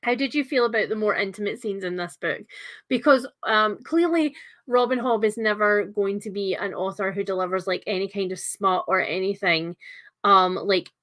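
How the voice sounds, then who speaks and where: Young adult woman, book stream host: chatty, enthusiastic, filler-heavy, mid-pitched. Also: normal speed, fairly bright tone. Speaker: book club livestream host. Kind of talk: casual livestream book discussion.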